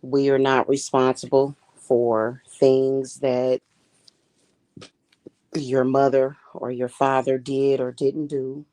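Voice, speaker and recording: A woman who is a high priestess and spiritual reader, talking in a casual livestream monologue in a deliberate, emphatic and blunt manner. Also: dark tone, no echo, poor audio. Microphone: streaming setup.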